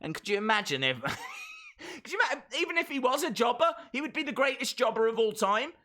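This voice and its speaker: A man's voice: extremely high pitch, wildly swooping pitch, a little fast, bright, forceful tone. A British man hosting a live stream, chatting casually, laughing and reading out viewer comments.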